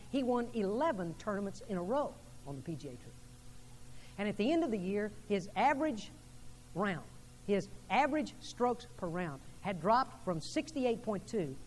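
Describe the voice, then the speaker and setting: A man's voice: high voice, long reverb tail, a little hiss or hum, low-quality recording. A man preaching a sermon to his congregation in a church, building emphasis through a string of questions. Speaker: pastor. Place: church sanctuary.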